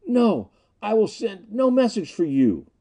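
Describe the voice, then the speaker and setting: A man's voice: high-pitched, very animated, unhurried, dark tone, voice pushed up, exaggerated voice. A man reading aloud and voicing a defiant young male captive who refuses in strained cries.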